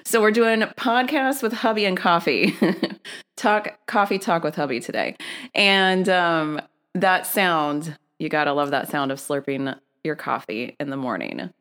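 A woman's voice: lowish voice, a little slow, fairly bright tone. A woman hosting a casual podcast with her husband, cheerful and laughing often. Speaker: podcast host.

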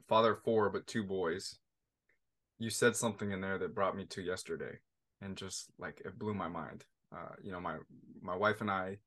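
A man's voice: on the low side, fairly bright tone. A podcast host in his thirties, a father, telling a long family story in a casual interview, full of restarts and fillers. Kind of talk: conversational interview.

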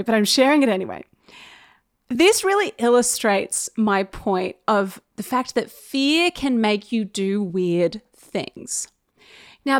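A woman's voice: mid-range voice, no room sound, clean studio sound. A young woman telling a personal story in a casual, chatty way, often laughing as she goes.

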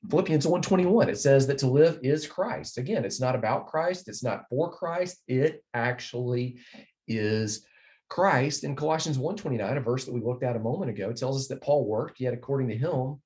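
A man's voice: mid-range voice, animated, moderate pace, darkish tone. A man teaching a recorded Bible lesson, explaining verses earnestly and repeating key phrases as he walks through slides.

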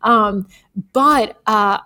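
A woman's voice: medium pitch, very slow. A woman in her thirties from a Bulgarian American background, a guest author chatting casually in an interview and often laughing. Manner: chatty, laughs often, quotes others in animated voices.

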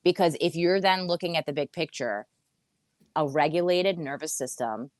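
Woman, low pitch, therapist guest on a podcast, earnest and repetitive explainer, dry close sound. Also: moderate pace, dry recording. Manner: earnest, repeats phrases for emphasis. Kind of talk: conversational explaining. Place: seated in a chair.

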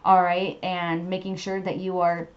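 A woman's voice: fairly low pitch, monotone, a little slow, dull audio. A woman hosting a tarot podcast, giving casual spiritual advice in a chatty way full of "you know". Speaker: podcast host and tarot reader.

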